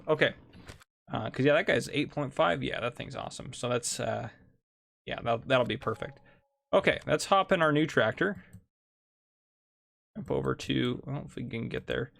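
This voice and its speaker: A man's voice: mid-range voice, animated, moderate pace, gravelly, fairly bright tone. A man casually commentating a farming game and telling police stories, chatty and laughing often. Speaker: gameplay host and police officer.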